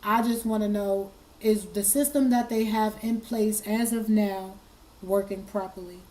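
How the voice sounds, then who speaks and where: Hoarse, choked-up woman host. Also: mid-range voice, fairly even intonation, unhurried, warm tone, poor audio. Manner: earnest, choked up, repeats herself. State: hoarse, fighting tears. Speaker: commentary channel host. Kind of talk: emotional commentary.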